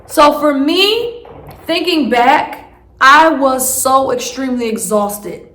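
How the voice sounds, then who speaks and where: A woman's voice: sits high, animated, slow pace, a bit bright, echoey room. A woman vlogger telling a story casually, rambling with many fillers and restarts.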